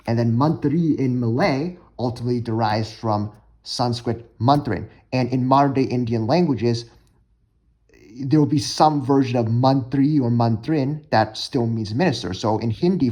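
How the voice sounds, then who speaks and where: A man's voice: medium pitch, moderate pace, darkish tone, slightly rough. A young man casually explaining vocabulary and pronunciations in a language-learning lesson, talking with many fillers and restarts. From United States.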